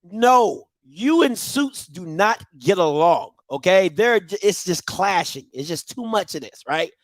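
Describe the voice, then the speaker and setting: A man hosting a live talk show, his voice sitting high and leaping all over the place. He talks in emphatic, slangy bursts of casual banter. The sound is close and dry, with no room echo. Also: lively intonation, measured pace. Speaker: show host. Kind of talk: casual on-air rant.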